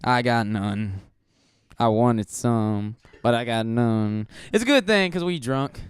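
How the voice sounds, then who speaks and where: Animated young man telling a crude story. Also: mid-range voice, slow pace, smooth, dry recording. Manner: animated, crude jokes, laughs often. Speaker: podcast host. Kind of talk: casual storytelling.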